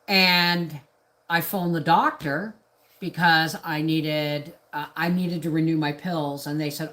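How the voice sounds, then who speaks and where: A woman's voice: deep voice, fairly even intonation, measured pace, fairly bright tone. A middle-aged woman from Canada talking on a casual live stream, ranting in a rambling, indignant way with restarts. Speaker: homestead vlogger on a live stream.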